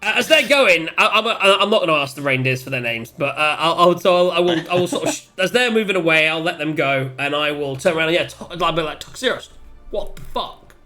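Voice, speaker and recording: A man's voice: on the high side, animated, quick pace, few pauses, sharp tone, faint music behind. A man playing a tabletop game who stammers and repeats words while speaking in character and out. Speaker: player. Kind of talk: casual tabletop game play.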